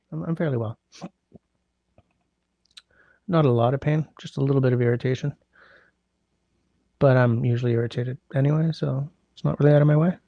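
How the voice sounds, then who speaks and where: A man with a middle-pitched, gravelly voice hosts a relaxed livestream from home, greeting viewers one by one and humming as he scrolls through chat. His sinuses are congested, and the sound is dry and close. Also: no room sound, lo-fi sound. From Canada. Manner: rambling, greets chatters by name, hums while scrolling. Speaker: livestream host. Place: indoors at home.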